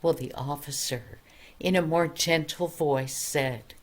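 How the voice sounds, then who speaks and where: Slow, low-voiced grandmother storyteller. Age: older. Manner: gentle, homespun storytelling. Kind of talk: bedtime story narration.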